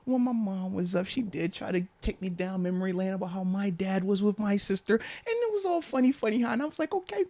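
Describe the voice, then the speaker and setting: A man in his thirties hosting a casual sports podcast, an animated storyteller who swings between loud bursts and whispered asides. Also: sits high, quick pace, few pauses, no room sound. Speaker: podcast host.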